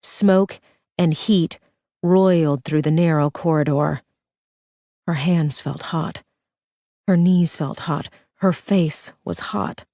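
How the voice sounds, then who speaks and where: A woman's voice: low-pitched, takes it slowly, long pauses, mellow, no room sound, studio quality. A woman narrating a thriller audiobook with a tense, urgent reading.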